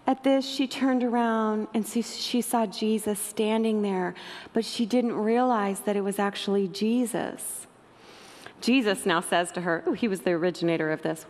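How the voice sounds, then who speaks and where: A woman's voice: mid-range voice, normal speed, a little mellow, a little hiss or hum. Middle aged woman preaching, tells it with feeling, laughs a lot, big echoey hall. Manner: emotive storytelling, laughing often. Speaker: speaker. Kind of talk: sermon. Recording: long hall reverb.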